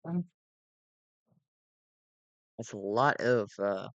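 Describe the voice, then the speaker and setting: A man's voice: fairly low pitch, expressive, very slow, fairly bright tone, no echo, lo-fi sound. A sleep-deprived man reading a fan story aloud on a cheap home mic, often stumbling and correcting himself. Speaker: fan reader. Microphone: cheap home microphone.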